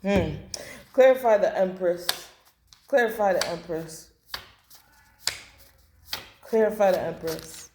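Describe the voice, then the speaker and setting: A woman's voice: lowish voice, slow, pauses often, dark tone, a little hiss or hum. A woman doing a blunt, emotional tarot reading to camera, repeating phrases and swearing. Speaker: tarot reader. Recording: echoey room.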